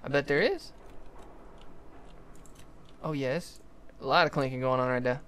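A young adult livestreamer giving jokey, excitable commentary while playing, often talking to the game's characters. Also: medium pitch, measured pace, slight background noise. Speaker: gaming livestreamer. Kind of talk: live gameplay commentary.

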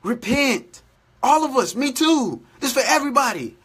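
Male preacher, high bright voice, earnest repetitive devotional exhortation. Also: expressive, moderate pace, husky. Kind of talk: daily devotional sermon.

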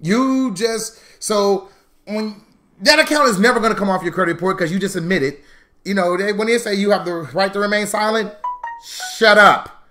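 Man instructor, fairly high voice, animated, chatty live class. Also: brisk, faint music behind. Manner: animated, chatty, acts out mock quotes; talks to viewers as "y'all". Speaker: credit repair instructor.

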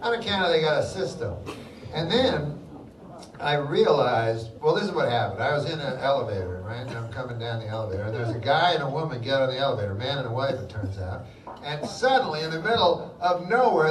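A middle-aged man doing live stand-up with a deadpan, rambling delivery and mumbled fillers, heard in a large hall with a live audience. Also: mid-range voice, quick pace, recorded from a distance. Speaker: stand-up comedian. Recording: roomy live hall, loud crowd laughter.

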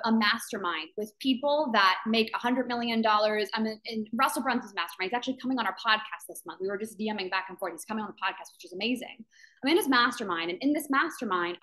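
Her voice on the high side with a sharp tone, a woman addresses members of the business community she founded in a live video call. The motivational talk is fervent and emphatic, with phrases repeated for weight and skeptics' voices acted out in quotes.

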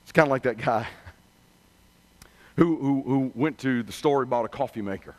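A man's voice: mid-range voice, normal speed, darkish tone. A male revival preacher giving a sermon in a conversational, humorous, storytelling way.

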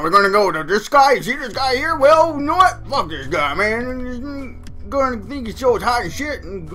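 A woman hosting a let's play, loudly swearing and shouting at the game in excitable outbursts. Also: on the high side, normal speed, faint music behind. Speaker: gaming channel host.

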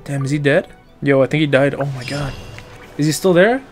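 A man streaming a video game and commenting loudly, excitable, joking and crude. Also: fairly high pitch, fairly quick. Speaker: gaming streamer. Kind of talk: let's-play commentary. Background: game music.

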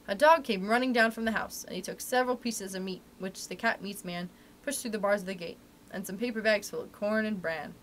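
A woman's voice: mid-range voice, slight background noise, low-quality recording. Woman reading a children's book aloud. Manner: steady storytelling narration. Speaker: library story reader.

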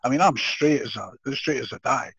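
Older man, Scottish accent, husky voice, animated storytelling, frequent laughter, dull dry recording. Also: mid-range voice, a little fast, no room sound. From Scotland. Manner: animated, laughs often, restarts sentences. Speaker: guest. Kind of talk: storytelling in a podcast interview.

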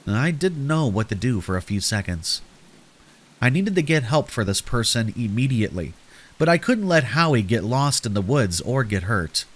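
A man's voice: medium pitch, fairly bright tone. A man narrating a scary story in a scripted, dramatic storytelling manner.

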